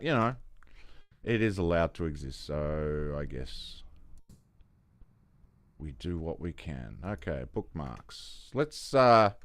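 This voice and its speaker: Male solo podcaster, low smooth voice, loose rambling delivery with swearing and restarts. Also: no echo, clean studio sound. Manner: rambling, profane, many restarts. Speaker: podcast host. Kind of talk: casual solo monologue.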